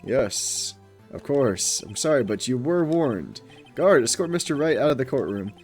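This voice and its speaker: A man's voice: medium pitch, big pitch swings, unhurried, faint music behind. A man voicing a timid older judge who speaks in a formal, hesitant way.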